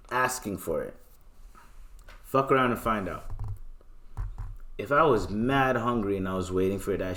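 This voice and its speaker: Profane ranting young Toronto man. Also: fairly low pitch. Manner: animated, profane storytelling with sudden loud bursts. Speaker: podcast host. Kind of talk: casual ranting monologue.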